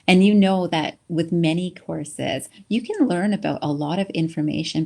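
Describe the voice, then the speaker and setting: Lady teaching a webinar, kinda low voice, keeps saying right?, encouraging vibe. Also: darkish tone. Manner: earnest, encouraging, repeats "right?" often. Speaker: webinar lecturer. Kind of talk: conversational lecture.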